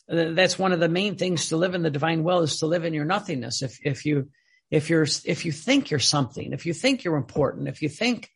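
Guy giving a devotional teaching, husky voice, kinda high, keeps repeating himself for emphasis. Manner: earnest, emphatic, repeats phrases. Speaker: religious teacher.

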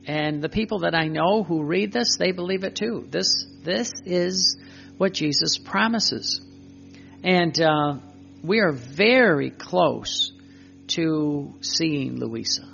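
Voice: mid-range voice, lively intonation, takes it slowly, gravelly, fairly bright tone, highs cut off, soft background music. A preacher giving emphatic spoken religious teaching, repeating phrases and asking rhetorical questions.

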